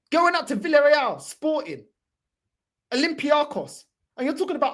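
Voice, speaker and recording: A woman's voice: high-pitched, big pitch swings, normal speed. A woman hosting a football fan channel, delivering a heated, profane, mocking reaction rant. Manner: profane, mocking, repeats "bro".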